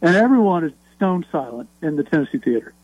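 Male radio guest, chatty storyteller, husky higher voice. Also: very animated, fast talker, dry recording, muffled recording. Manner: laughing, conversational storyteller. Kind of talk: casual radio chat.

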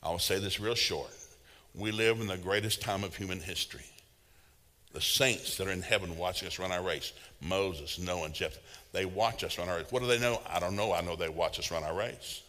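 Man, preacher, folksy humorous sermon, bright tone, long reverb in a large hall. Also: low-pitched, fairly quick. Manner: folksy, humorous storytelling with laughs.

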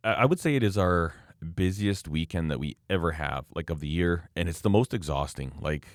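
Deep voiced middle-aged guy from alberta just rambling about his weekend, dry close mic. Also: a little fast, no room sound. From Alberta, Canada. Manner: rambling storyteller, animated when quoting people. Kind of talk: casual chat.

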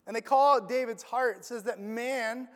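A pastor preaching a sermon in a casual, conversational way, using slang and asking the crowd questions, swinging between loud emphasis and near-murmured lines. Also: medium pitch, moderate pace. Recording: long echo of a large hall.

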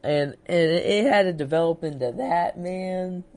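A young man in casual conversation about a movie, excitable and quick to gasp and exclaim. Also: high voice, a crowd in the background. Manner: excitable, reacts with gasps and 'oh my God'. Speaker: co-host discussing a film. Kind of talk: casual chat.

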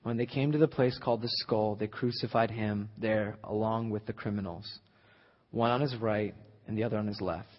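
A young man preaching a sermon, emphatic, building to near-shouts at the high points. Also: steady tone, moderate pace. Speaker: pastor. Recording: dull lo-fi recording in a reverberant hall.

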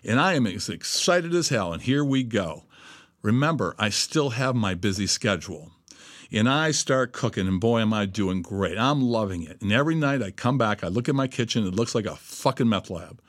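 A man's voice: fairly low pitch, animated, moderate pace, no echo, clean studio sound. A middle-aged man giving a profane motivational monologue, blunt and emphatic, swearing constantly. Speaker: host.

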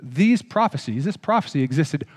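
A man's voice: a little high, lively intonation, moderate pace, slightly rough. A man preaching a sermon, reading scripture and then explaining it in a conversational way with joking asides to the congregation. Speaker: pastor. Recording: long hall reverb.

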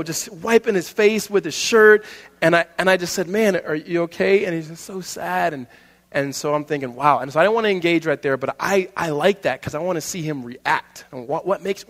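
A man's voice: a little high, a bit bright. A man in his thirties, a pastor telling a family story in a conversational sermon, with frequent restarts. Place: church hall. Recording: long hall reverb.

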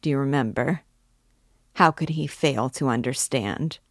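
A woman's voice: rumbling low, unhurried, no echo, studio quality, exaggerated voice. A woman voicing a feverish, irritable young male student who taunts with sardonic mockery. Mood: taunting.

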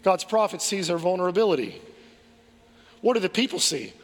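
A man's voice: high-pitched, animated, fairly quick. A man preaching a sermon as pastor, earnest, asking rhetorical questions and restarting his phrases. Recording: long hall reverb.

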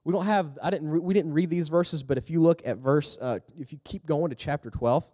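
A man giving a youth sermon in a lively, storytelling manner, acting out the characters as he talks. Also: a little fast. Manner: animated, acts out characters with big pitch jumps. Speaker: youth pastor. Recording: long hall reverb.

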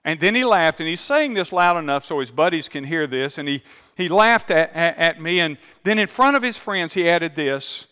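A male pastor, preaching a sermon. He tells a story calmly, then builds to fervent appeals to the congregation. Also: a little high, moderate pace, hardly any pauses, smooth, big-room sound. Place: large church auditorium.

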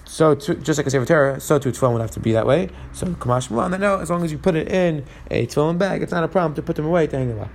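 A man's voice: on the high side, expressive, rapid-fire, vocal fry, few pauses, a little mellow, slight background noise. A man teaching a Talmud class, translating phrase by phrase as he goes. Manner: translating each phrase and mixing in Hebrew and Aramaic terms.

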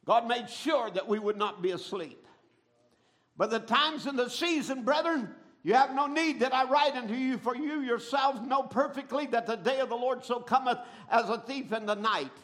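A middle-aged man preaching a sermon, telling stories dramatically and swinging from a hush to a shout. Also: extremely high pitch, moderate pace. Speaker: pastor.

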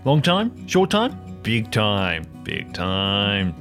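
A man's voice: lowish voice, wildly swooping pitch, drawn-out words, over music, full character voice. A man doing a rambling folksy old dad. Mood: chatty. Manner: rambling, chatty, stumbling over words. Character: chatty older male father, folksy and grumbling.

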